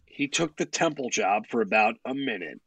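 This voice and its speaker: A man's voice: mid-range voice, animated, normal speed, fairly bright tone, slightly rough, no room sound. A man co-hosting a sports podcast in casual chat, blunt and opinionated, swearing freely. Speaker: podcast co-host.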